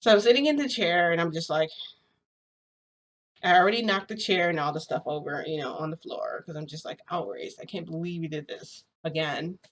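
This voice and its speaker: A woman's voice: lowish voice, brisk. A young woman vlogger rambling casually through a personal story, full of filler words. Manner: chatty, rambling, frequent "like" fillers. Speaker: shifting vlogger.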